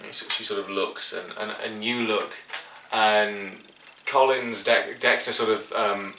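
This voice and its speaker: A man's voice: fairly low pitch, steady tone, unhurried, pushed and bright, a little hiss or hum. Brief: man as game master, hesitant, mic set back from him. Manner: hesitant, full of "sort of" and restarts. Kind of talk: narrating a tabletop game. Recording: echoey room, mic at a distance.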